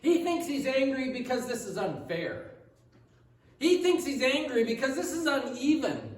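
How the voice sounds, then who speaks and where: High-voiced man preaching a sermon. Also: sing-song, moderate pace, echoey room, recorded from a distance, a little hiss or hum, rough recording. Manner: reads scripture aloud, then voices the older son's complaint with rising intensity. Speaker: pastor.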